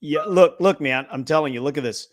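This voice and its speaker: An upbeat man hosts a live trading session, talking in a loose, playful, energetic way. He jokes with the people watching as he works through the charts. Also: fairly high pitch, a little fast. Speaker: trading stream host. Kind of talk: casual live-stream chat.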